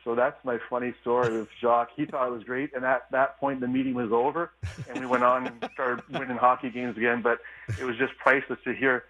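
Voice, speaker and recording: A former hockey player calling in as a radio guest, telling stories in a relaxed, easygoing way with lots of fillers. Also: male voice, medium pitch, fairly quick. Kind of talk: casual phone interview. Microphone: phone line. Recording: tinny phone line.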